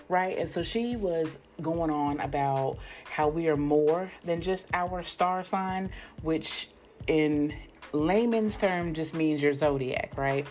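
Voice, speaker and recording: A woman's voice: sits low, measured pace, darkish tone, soft background music. A woman hosting a podcast, talking casually and informally to her listeners and often checking in with "right?". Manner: chatty, keeps checking in with "right?"; addresses listeners directly, informal. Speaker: podcast host. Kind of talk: casual spiritual talk.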